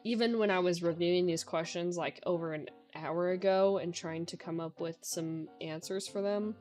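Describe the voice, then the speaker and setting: A woman's voice: lowish voice, moderate pace, darkish tone, faint music behind. A young woman streamer in a casual Q&A chat, talking in a chatty way with lots of filler words.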